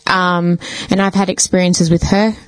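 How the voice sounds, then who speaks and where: A woman's voice: on the low side, flat delivery, moderate pace, dry recording. A woman co-hosting a podcast, telling a personal story in casual chat, swearing freely and leaning on "like". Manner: chatty, swears freely, leans on "like".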